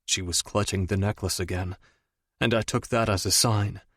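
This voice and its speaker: Male audiobook narrator, first-person romance, lowish voice, dry close sound. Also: fairly even intonation, moderate pace, a bit bright, dry recording.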